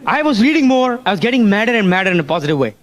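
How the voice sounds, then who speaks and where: A high, sing-song voice races along as this motivational speaker addresses a business seminar. He weaves in stories and frequently asks the audience questions.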